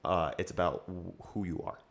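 A man's voice: low voice, brisk, creaky. A young man chatting casually on a podcast, rambling with many fillers and restarts and often laughing. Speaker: podcast co-host, business owner.

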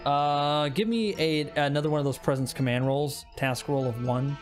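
A game master narrating a tabletop role-playing game in a relaxed way, with many fillers. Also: medium pitch, normal speed, soft background music.

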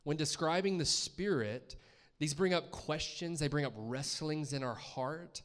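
A male guest preacher delivers a sermon in a church. His voice sits a little higher than most men's. He keeps it conversational and often turns to the congregation with questions. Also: unhurried, a bit bright.

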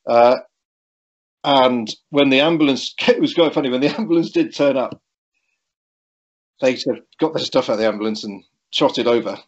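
Halting man telling a story. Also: mid-range voice. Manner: halting, with frequent restarts and chuckles. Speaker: guest recounting a cycling accident. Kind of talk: conversational storytelling. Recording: dull lo-fi recording.

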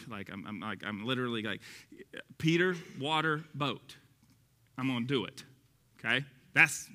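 A Texan man preaching with a high, very bright and forceful voice. He talks to the congregation in a casual, passionate way, pushing his points harder as he goes. The sound rings with a long hall reverb. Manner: passionate, conversational preaching with rising emphasis. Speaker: pastor. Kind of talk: sermon.

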